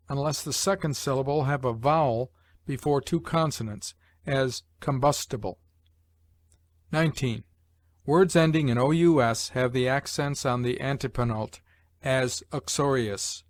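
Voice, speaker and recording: A man reading English pronunciation rules aloud in a measured, list-like way, slowing on each example word. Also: medium pitch, dry recording. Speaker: English lesson narrator.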